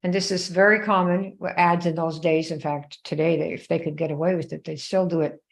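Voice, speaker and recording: Brisk and fairly even in intonation, a woman with a lowish voice hosts a live stream and recounts a story in a chatty way. She stops to check in with viewers by name and voices quoted dialogue herself.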